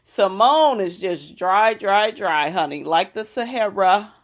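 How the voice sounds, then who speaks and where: A woman's voice: mid-range voice, lively intonation, slow pace. Sassy profane woman recapping reality TV.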